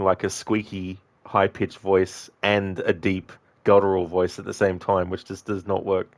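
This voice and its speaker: Very deep-voiced man chatting with stream viewers. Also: steady tone, normal speed, hardly any pauses, dry recording. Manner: rambling, chatty, answers viewers, swears freely. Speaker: game streamer. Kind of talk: casual live-stream chat.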